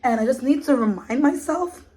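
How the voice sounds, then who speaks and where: A woman's voice: high voice, lively intonation, normal speed, warm tone. A woman telling a story in a casual vlog, in an indignant, emphatic way. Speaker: vlogger.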